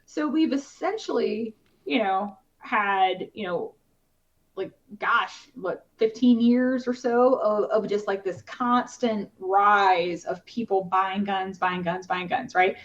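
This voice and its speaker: Woman guest, mid-pitched, rambling conversational delivery, lo-fi podcast sound. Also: takes it slowly. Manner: chatty, many fillers and restarts. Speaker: podcast guest, competitive shooter. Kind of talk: casual conversational interview. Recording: slightly dull lo-fi podcast audio.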